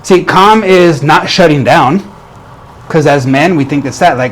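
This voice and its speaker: A man's voice: fairly high pitch, unhurried, slight background noise. A man giving an earnest motivational talk as a relationship coach, often restarting and repeating phrases.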